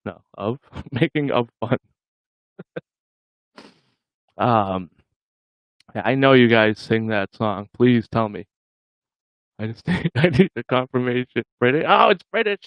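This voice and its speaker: A man's voice: mid-range voice, unhurried, long pauses, dry recording, muffled recording. A man hosting a casual livestream, joking with viewers and laughing often. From Massachusetts. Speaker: livestream host.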